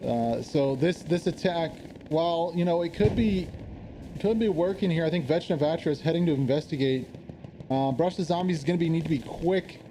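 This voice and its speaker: A man's voice: on the high side, moderate pace, mellow, slight background noise. Chatty man commentating a shooter game. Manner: casual, chatty, laughs at plays. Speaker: match commentator. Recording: game gunfire and explosions behind.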